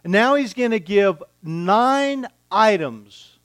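A man preaching an expository sermon, teaching deliberately and repeating key words for emphasis. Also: high voice, animated, fairly bright tone, no room sound.

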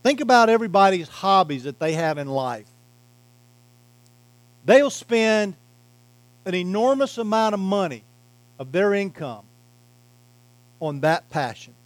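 A man preaching a sermon as pastor, emphatic, swinging from loud to quiet and slowing on key words. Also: sits high, lively intonation, no room sound, low-quality recording. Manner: emphatic preaching, varying loudness and pace.

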